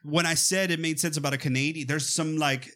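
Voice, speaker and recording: A man in casual podcast chat about a film, his talk rambling and animated. He restarts sentences and slips into quick mock voices as he goes. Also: on the high side. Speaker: podcast co-host. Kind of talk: casual movie discussion.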